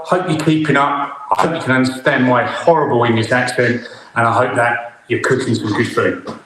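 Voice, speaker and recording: A middle-aged male chef runs a live cookalong from his home kitchen, his slightly high voice bouncing around a very echoey room. He chats in an upbeat way while he cooks, over a faint hiss. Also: fairly bright tone. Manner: chatty, upbeat, talks while cooking. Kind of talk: live online cooking demonstration.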